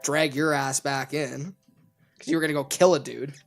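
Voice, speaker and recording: A man's voice: on the high side, fairly even intonation, moderate pace, gravelly, soft background music. A young man, teasing and joking as a podcast co-host. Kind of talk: casual podcast banter.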